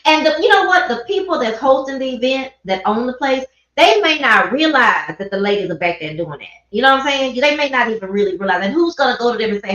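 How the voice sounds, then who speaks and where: A woman hosting a casual live-stream chat, telling animated stories and mimicking people as she goes. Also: on the high side, fast talker, hardly any pauses. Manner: animated storyteller, mimics people, laughs often. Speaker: host. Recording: echoey, dull livestream audio.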